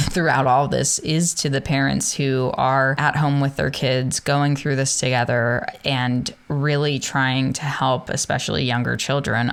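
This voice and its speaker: A podcast host chats casually, asking long questions that wander and circle back. The voice is gravelly yet smooth and resonant, at a middle pitch. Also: a bit bright. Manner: rambling questions with many fillers. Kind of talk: casual interview conversation.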